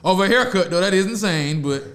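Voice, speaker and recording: A man with a high voice chats on a podcast, spinning animated stories and laughing between lines. The room around him is echoey. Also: fast talker. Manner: animated storyteller, laughs often, Southern slang. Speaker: podcast host. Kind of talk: casual podcast chat.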